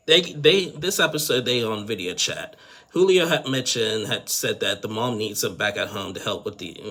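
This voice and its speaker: Low gravelly man recapping reality TV. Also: sharp tone. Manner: rambling, filler-heavy, frank opinions. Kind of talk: casual opinionated TV recap.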